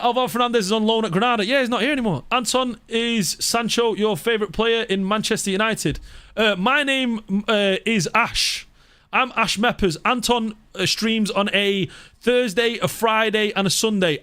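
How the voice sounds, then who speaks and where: Animated male football-fan streamer. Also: high voice, moderate pace, clear, resonant tone. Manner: animated, mock-outraged, repeats words. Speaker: fan channel presenter reading live chat. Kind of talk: casual live-stream chat.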